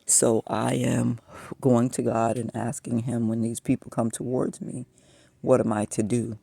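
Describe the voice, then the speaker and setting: A man's voice: medium pitch, little pitch movement, unhurried, creaky, dark tone, slightly rough, no echo. A man in his fifties talking to the camera in a personal monologue, venting his frustration as he tells a story. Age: 50s.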